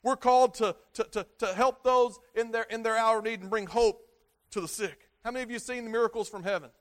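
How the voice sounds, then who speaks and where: Pastor guy preaching, high voice, keeps stumbling and repeating words, gets loud then drops way down. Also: fairly even intonation. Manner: halting, repeats words often; rises loud in emphatic passages, drops low at phrase ends. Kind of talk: sermon.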